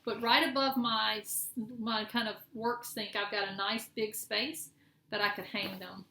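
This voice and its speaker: Chatty woman with a bright gravelly voice. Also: mid-range voice, flat delivery, a little slow. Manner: chatty, rambling, self-correcting. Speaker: cross-stitch vlogger. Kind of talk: casual show-and-tell chat. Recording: echoey room with faint noise.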